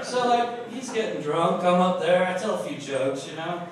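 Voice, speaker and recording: A man's voice: high voice, moderate pace, hardly any pauses. A man telling rambling, profane stand-up stories at an open mic night in a bar. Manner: loud, profane, rambling anecdotes. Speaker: stand-up comic. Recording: echoey bar taped from far off, crowd noise.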